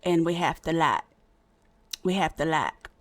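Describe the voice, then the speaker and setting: A woman's voice: low voice, a little slow, no room sound. A woman streamer chatting in character in a roleplay game, folksy and talkative, calling people honey and darling. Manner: folksy, chatty, calls others honey and darling, laughs often. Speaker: roleplay streamer playing a saloon hostess type.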